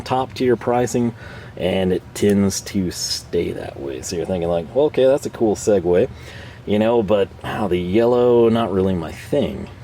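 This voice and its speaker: A man's voice: low-pitched, warm tone, a little hiss or hum. A man casually reviewing tools for his channel, rambling and self-deprecating with frequent chuckles. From North America. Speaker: tool reviewer and channel host.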